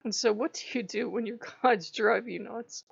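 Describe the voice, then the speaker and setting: Woman vlogger, chatty storyteller who acts out dialogue, slightly high-pitched, dry and dull lo-fi sound. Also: normal speed, creaky, slightly rough, no echo. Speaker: channel host. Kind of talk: casual storytelling vlog.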